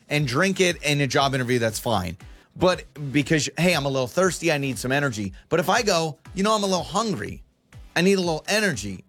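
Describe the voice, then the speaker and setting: A man co-hosting a chat show, joking and arguing his points in a lively way. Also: mid-range voice. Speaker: radio co-host. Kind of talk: casual chat.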